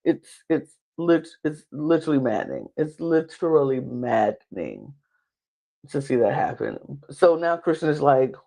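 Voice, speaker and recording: A woman recapping a reality show in casual talk. She is animated, laughs often, and acts out other people's lines with big jumps in pitch. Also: moderate pace. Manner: laughs often while talking. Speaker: podcast guest.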